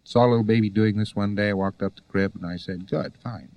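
A man's voice: fairly low pitch, fairly even intonation, fast, muffled recording. A man giving a conversational lecture to students, full of rhetorical questions and wry asides.

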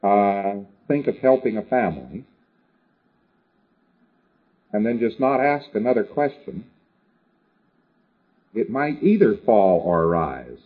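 A man's voice: lowish voice, very animated, slow, pauses often, narrow, tinny audio. A man lecturing a class in a conversational way, driving his points home with repetition and frequent "you see" asides.

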